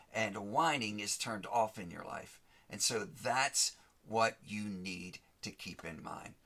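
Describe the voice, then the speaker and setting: A man giving a motivational talk in a gravelly, slightly husky voice that swings widely in pitch. His tone is bright and forceful. He drives his points home by repeating and rhyming phrases and speaking straight to the listener. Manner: emphatic, repeats and rhymes key phrases, addresses listener directly. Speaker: host of a motivational show.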